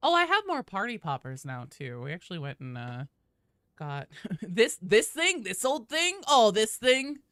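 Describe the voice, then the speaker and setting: A woman's voice: mid-range voice, sing-song, measured pace, fairly bright tone, no echo, clean studio sound. A woman streaming a game and chatting loosely with her viewers, swearing often. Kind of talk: casual live-stream chat.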